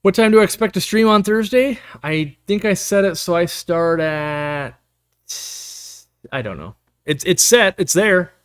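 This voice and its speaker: Chatty male live-stream host, slightly high voice. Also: animated, a little slow, clean tone. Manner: rambling, jokey, reads chat messages aloud. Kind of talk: casual live-stream chat.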